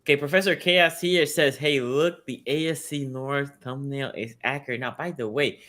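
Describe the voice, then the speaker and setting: A man's voice: mid-range voice, normal speed. A man hosting a live sports talk show, upbeat and chatty, reading out viewer comments. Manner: energetic, reads out chat comments. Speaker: show host. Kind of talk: casual sports podcast chat.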